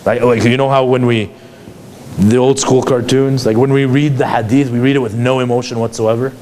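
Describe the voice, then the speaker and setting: A man's voice: medium pitch, steady tone, brisk, darkish tone, a little hiss or hum. A man giving a conversational lecture to a class, asking many rhetorical questions. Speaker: psychologist teaching a class.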